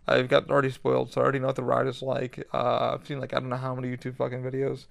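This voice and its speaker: A man hosting a podcast, talking in a rambling, excitable way and swearing a lot. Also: medium pitch, rapid-fire, gravelly, dry recording. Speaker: podcast host. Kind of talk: casual monologue.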